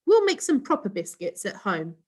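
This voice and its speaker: A woman's voice: mid-range voice, very animated, normal speed, slightly rough. A woman voicing a firm, fussy mother in a children's storybook. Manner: firm, scolding.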